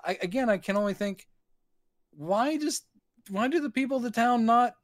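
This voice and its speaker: A man's voice: extremely high pitch, animated, normal speed, dry recording, clean studio sound. A man co-hosting a podcast, giving wry, mocking commentary on a movie with some swearing. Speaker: podcast co-host. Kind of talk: casual film discussion.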